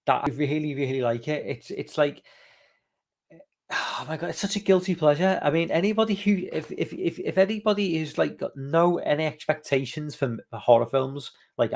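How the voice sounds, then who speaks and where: Man with a gravelly, creaky voice. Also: on the high side, darkish tone. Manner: rambling, loose, swears freely, many fillers. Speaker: livestream podcast host. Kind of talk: casual live-stream chat, reading viewer comments.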